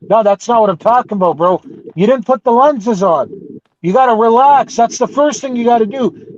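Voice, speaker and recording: A man hosting a casual live panel discussion, rambling and animated, often calling people bro. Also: very high-pitched, moderate pace. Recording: dull lo-fi audio with faint noise.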